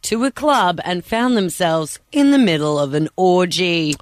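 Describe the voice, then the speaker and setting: A woman's voice: lowish voice, expressive, unhurried, dry recording, studio quality. An Australian woman co-hosting a breakfast radio show, laughing often and playfully defending herself. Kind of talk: casual on-air banter.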